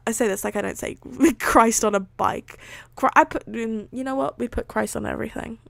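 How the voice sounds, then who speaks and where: A woman's voice: on the high side, moderate pace, gravelly, no room sound, clean studio sound. A British woman reading fan fiction live on her stream, chatty and giggly, often correcting herself. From Britain. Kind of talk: casual live reading aloud.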